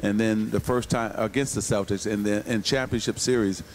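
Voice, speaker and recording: A man in an interview recalling past games in a low-key, unhurried way. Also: fairly even intonation, a little hiss or hum. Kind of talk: interview recollection.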